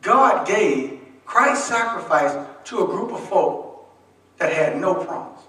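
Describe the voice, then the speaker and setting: Man, pastor, somewhat high voice, folksy call-and-response sermon, booming church echo, mic well off. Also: lively intonation, slow, pushed and bright. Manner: call-and-response preaching, asks the congregation to finish his lines; folksy, humorous, conversational delivery. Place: church sanctuary. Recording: echoey church from a distant mic.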